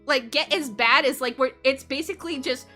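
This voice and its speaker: A young woman with a high, bright voice talks casually to her live chat on stream. She is chatty and giggles often between sentences. Faint music plays quietly under her voice. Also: fairly quick.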